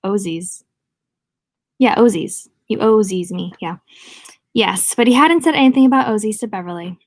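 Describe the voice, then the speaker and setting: A woman reading a novel aloud in a relaxed amateur way, stumbling over words now and then and restarting. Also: medium pitch, normal speed, no room sound. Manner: informal amateur reading with slips, restarts and asides. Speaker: audiobook reader. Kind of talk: casual read-aloud of a novel.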